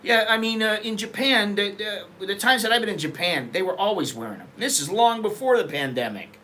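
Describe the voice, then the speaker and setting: A man's voice: high voice, expressive, a little fast, sharp tone. A middle-aged American man hosting a casual, rambling chat, talking frankly and loosely. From United States. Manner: digressive, loose, frank talk with frequent restarts. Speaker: host.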